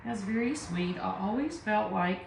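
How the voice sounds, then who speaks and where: With lively intonation and a creaky, medium-pitched voice, a Southern US woman chats with viewers during a live art tutorial, narrating each step self-deprecatingly at a moderate pace. The room is echoey, with slight background noise.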